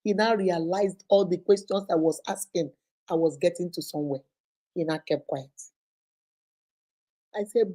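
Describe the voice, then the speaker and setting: A woman hosting a live stream, telling a story in an animated, dramatic way. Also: fairly low pitch, moderate pace, long pauses. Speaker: host.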